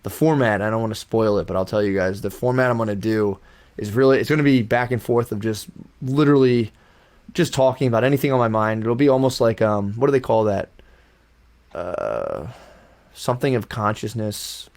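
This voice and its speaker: Rambling young man, low voice. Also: fairly quick, a little mellow. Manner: rambling, many fillers and restarts. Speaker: podcast co-host. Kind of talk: casual chat.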